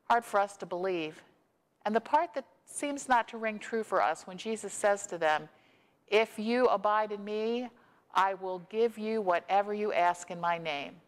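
A woman pastor reading scripture and preaching a sermon in a measured, storytelling way. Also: medium pitch. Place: church sanctuary. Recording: long echo of a church hall.

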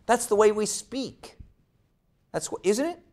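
A man teaching a Bible lesson at an unhurried pace, his fairly high voice rising and falling a lot. He poses rhetorical questions to his listeners and often repeats words while he gathers his thoughts. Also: animated, darkish tone. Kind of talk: Bible study lecture.

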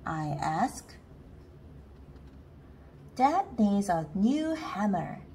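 A woman reading a children's book aloud, slowly and carefully, with lots of expression. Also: medium pitch, sing-song. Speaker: storybook reader.

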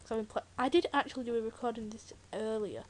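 This is a British teen girl doing a Let's Play, speaking at a quick pace in a fairly high voice. Her casual game commentary is chatty and jokey, drifting into rambling asides, and loud keyboard clicks and typing are present throughout.

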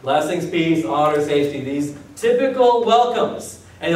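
A man's voice: on the high side, very animated, measured pace. A man preaching a sermon as pastor, talking conversationally with acted-out asides and questions to the congregation. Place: church hall. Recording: echoey hall, distant mic.

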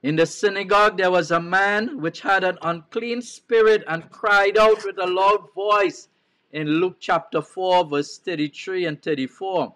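A man's voice: high-pitched, fairly even intonation, unhurried, a bit bright. A man with a Trinidadian accent preaching a televised sermon as a bishop, repeating key phrases and putting questions to his listeners.

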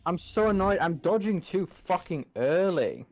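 A gamer narrates his own playthrough, cursing frequently and venting his frustration at the game. The voice is mid-range, animated and unhurried with a darkish tone, and there's a slight hiss or hum.

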